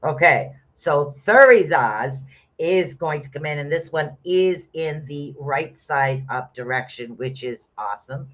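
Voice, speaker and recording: Bright chatty man reading runes live. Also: fairly high pitch, lively intonation, unhurried. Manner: chatty, greets viewers, bursts into loud exclamations. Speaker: live-stream rune reader. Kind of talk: casual live-stream rune reading. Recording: dull lo-fi stream audio.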